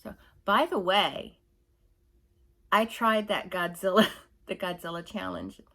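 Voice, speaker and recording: A woman's voice: medium pitch, very animated, slow, bright, forceful tone. A woman ranting in a casual opinion monologue, rambling and exasperated, mocking others with whiny put-on voices. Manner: rambling, exasperated, laughs while telling stories. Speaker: vlogger.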